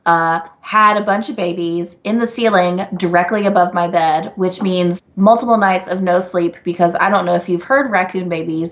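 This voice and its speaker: A woman co-hosting a casual live Q&A stream, telling stories and laughing often. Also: muffled recording. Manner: animated storyteller, laughs often, jumps high in quoted bits. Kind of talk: casual chat.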